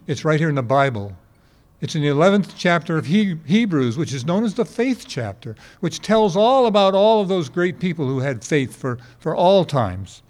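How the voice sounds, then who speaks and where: An eighty-something man delivers a sermon to a congregation with a slightly high, slightly mellow voice. He leans on folksy stories and rhetorical questions.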